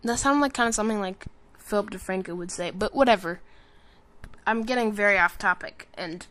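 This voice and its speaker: A woman's voice: mid-range voice, brisk, fairly bright tone, a little hiss or hum. A tired woman giving casual, rambling commentary over a game trailer, full of ums and self-corrections. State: tired, sleepy. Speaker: gaming commentator.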